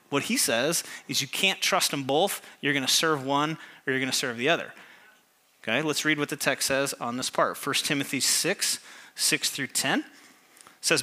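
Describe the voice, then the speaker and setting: A man preaching a sermon as pastor, asking the congregation questions and reading scripture slowly with emphasis. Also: medium pitch, sharp tone. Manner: call-and-response questions to congregation.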